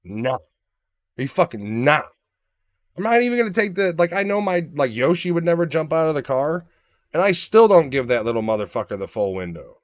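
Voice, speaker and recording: A man co-hosting a podcast in casual chat, swearing freely and acting out his dogs in lively stories. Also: on the high side, brisk, dry recording, studio quality. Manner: profane, animated storytelling, acts out his dogs. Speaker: podcast co-host.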